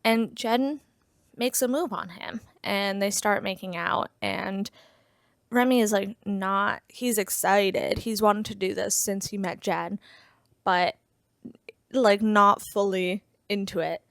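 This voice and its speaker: A woman's voice: mid-range voice, steady tone, takes it slowly, vocal fry, fairly bright tone, no echo, studio quality. A woman giving a casual, chatty plot recap as a book reviewer, full of "like" fillers and wry asides.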